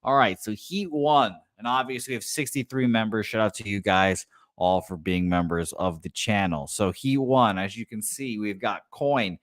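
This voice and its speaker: A man's voice: fairly low pitch, normal speed, no room sound, clean studio sound. A man co-hosting a casual sports-betting show from his new apartment, rambling and self-deprecating with lots of fillers. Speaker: co-host. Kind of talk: casual chat and race calling.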